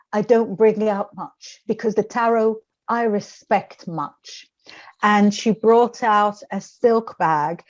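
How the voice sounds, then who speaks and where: A woman's voice: medium pitch, a little mellow, highs cut off. A woman in her forties, a tarot reader being interviewed, telling stories in a chatty, wry, self-mocking way. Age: 40s. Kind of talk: casual storytelling interview.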